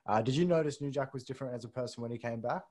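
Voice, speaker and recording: A man's voice: medium pitch, racing, a little mellow. A man co-hosting a podcast who asks his guest questions in a plain, casual way. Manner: plain, asks questions and refers back to earlier episodes. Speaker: podcast co-host. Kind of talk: casual interview.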